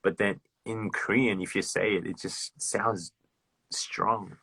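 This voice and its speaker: A man's voice: lowish voice, fairly even intonation, slow pace, gravelly, pushed and bright, husky, dry recording. A man with an Australian accent chatting casually with fans on a livestream, swearing freely, laughing and repeating himself as he talks. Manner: loose and profane, laughing, repeats words. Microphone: phone.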